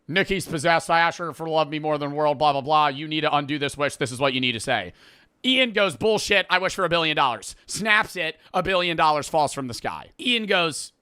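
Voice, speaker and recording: Animated, profane young man recapping a movie. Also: fairly high pitch, no echo, clean studio sound. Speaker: host. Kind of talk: casual crude movie recap.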